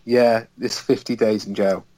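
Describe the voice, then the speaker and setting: A man with a fairly low voice talks as a guest on a casual football podcast. He is laid-back and gives blunt opinions. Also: steady tone, measured pace, dark tone, low-quality recording.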